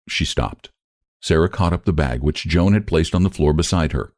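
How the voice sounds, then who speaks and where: A man reading a classic short story aloud in a measured, expressive narrating voice. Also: a bass voice, no echo, clean studio sound.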